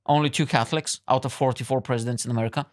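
A man's voice: mid-range voice, fairly even intonation, very fast. A man hosting a comedy podcast, joking and swearing freely and plugging his show. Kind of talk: casual comedic chat.

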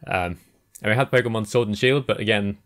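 A man's voice: fairly low pitch, fairly quick, fairly bright tone. A man co-hosting a gaming podcast, talking casually, laughing often and agreeing with his co-host. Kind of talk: casual chat.

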